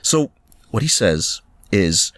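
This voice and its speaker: A man co-hosting a laid-back podcast, his pitch swinging wildly as he jokes. He laughs often and drops into quick mock voices. The sound is dry and close to the mic. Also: sing-song, a bit bright, no echo. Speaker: podcast co-host. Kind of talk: casual chat.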